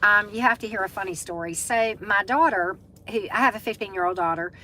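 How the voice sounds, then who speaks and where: Casting: middle-aged Southern US woman, chatty live-stream host, bright tone, easygoing pitch. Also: a little fast, a little hiss or hum, low-quality recording. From Southern United States. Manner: chatty, greets viewers by name, many fillers. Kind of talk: casual live-stream chat.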